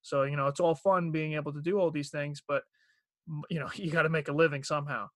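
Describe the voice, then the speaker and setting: A man, guest voice actor on a podcast, talking in a relaxed, rambling way full of fillers. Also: a little high, fast talker, dry recording, studio quality. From Long Island, New York. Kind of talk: casual podcast chat. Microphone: podcast microphone.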